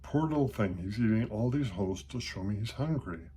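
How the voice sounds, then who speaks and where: A man's voice: fairly low pitch, moderate pace, darkish tone, slight background noise, close to an everyday voice. A man voicing a flustered, kindly old parson who huffs and exclaims. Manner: huffing, exclaiming. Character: fussy old male parson, flustered and kind.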